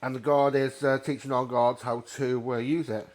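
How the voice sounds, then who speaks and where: A man talking loosely over his gameplay, drifting between thoughts with plenty of ums and uhs. His voice sits at an ordinary middle pitch, relaxed and unscripted. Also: moderate pace. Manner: rambling, chatty, filler-heavy. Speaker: gaming streamer. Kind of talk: casual gameplay commentary.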